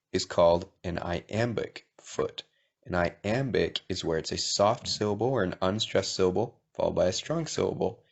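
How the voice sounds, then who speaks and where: A man's voice: sits low, creaky, husky. A man teaching a video lesson, explaining step by step and checking in with the listener. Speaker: poetry teacher. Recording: dull lo-fi sound.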